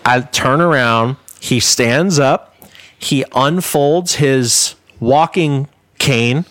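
A man's voice: medium pitch, drawn-out words, a bit bright, dry recording. Rambling man telling a story, dry sound. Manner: rambling, many filler "like"s. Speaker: guest musician. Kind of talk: casual storytelling.

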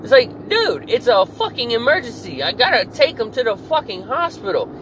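A man's voice: very high voice, very animated, moderate pace, background noise. A man ranting angrily and profanely about his job, irritated and fed up. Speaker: podcast host. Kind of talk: angry work rant monologue.

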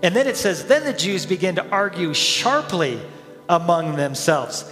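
A man preaching in a fairly high voice, animated, slipping into the voices of the people in his story. His words ring out with the long echo of a large hall. Soft music plays faintly beneath him. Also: a little slow. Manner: animated preaching, acts out crowd voices, chuckles often. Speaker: head pastor. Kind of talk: sermon.

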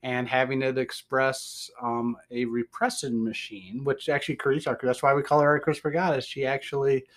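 A man's voice: medium pitch, flat delivery, normal speed, few pauses. A man with a Southern US accent hosts a podcast conversation. His talk is rambling and folksy: he chuckles, trails off and circles back to his point. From American Midwest. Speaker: podcast host. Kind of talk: casual podcast chat.

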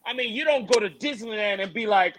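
High, bright-voiced man ranting animatedly. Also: brisk, slight background noise, poor audio. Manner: animated, mocking, exasperated ranting. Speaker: MMA show co-host. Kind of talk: ranting fight preview chat.

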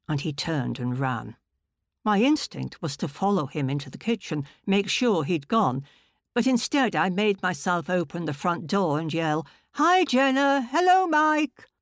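A woman author reading her own short story aloud in a measured, deliberate way. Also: sits low, no room sound, clean studio sound.

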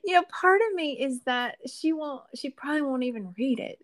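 A woman hosting a podcast, chatting casually and warmly gushing with frequent excited exclamations. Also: high voice, a little fast. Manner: bubbly, gushing, exclaims often. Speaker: podcast host. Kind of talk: casual chat.

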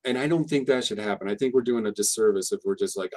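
A man's voice: fairly low pitch, quick pace, darkish tone. A man talking casually on a podcast about teaching pronunciation, rambling and restarting often. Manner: rambling, frequent restarts and fillers, explanatory. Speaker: English teacher guest.

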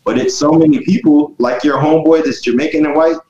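A man's voice: on the high side, fairly even intonation, fairly quick, mellow, echoey room, dull audio, slight background noise. A man from the United States, hosting a casual group discussion in long, rambling thoughts.

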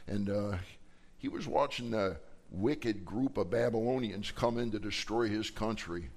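A middle-aged man, a pastor, preaching a sermon in a folksy, conversational way, his voice jumping up when he acts out prayers and questions to God. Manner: folksy and conversational, acting out quoted prayers with rising pitch.

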